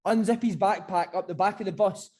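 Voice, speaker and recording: A man and former footballer hosting a podcast, telling animated stories full of swearing. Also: high voice, fairly quick. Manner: animated, swearing, keeps saying mate. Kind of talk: casual chat and storytelling.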